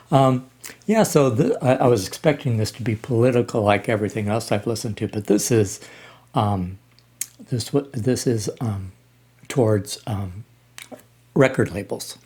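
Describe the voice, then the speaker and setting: A man in his sixties talking casually as he reacts to music, halting with frequent ums and restarts. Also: lowish voice, mellow, husky. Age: 60s. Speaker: reaction channel host.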